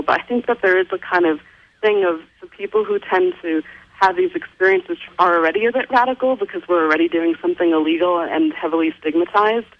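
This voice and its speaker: A woman's voice: lowish voice, highs cut off. A woman speaking as a guest in a radio interview, talking in an earnest, reflective way.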